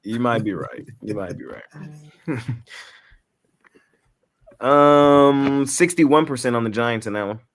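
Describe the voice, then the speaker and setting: A man's voice: medium pitch, slow pace, pauses often, slight background noise. A man hosting a sports betting show, chatting casually in slang and laughing often. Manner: laid-back slangy banter, laughs often. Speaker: host.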